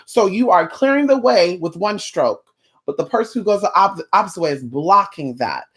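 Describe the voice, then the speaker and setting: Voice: medium pitch, lively intonation, normal speed, fairly bright tone, husky. A spiritual worker talking straight to camera in a casual vlog, blunt and profane, now and then acting out the clients in little voices.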